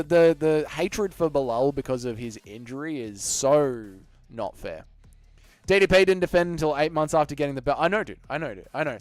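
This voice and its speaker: An Australian man hosting a casual livestream, reading viewer comments aloud and answering them in a cheeky, animated way with casual swearing. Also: fairly high pitch, no room sound. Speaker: livestream host.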